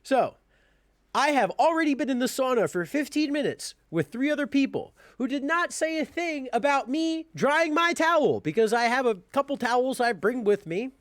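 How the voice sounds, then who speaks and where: A young man ranting in a commentary vlog, blunt, profane and animated. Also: very high-pitched, no room sound, studio quality. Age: young adult. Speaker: YouTuber.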